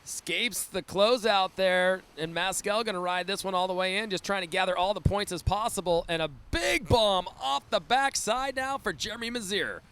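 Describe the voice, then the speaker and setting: A man's voice: high-pitched, normal speed, few pauses, fairly bright tone, smooth. A man calling a live surf contest play-by-play, enthusiastic and often laughing. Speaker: surf commentator. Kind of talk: live sports commentary.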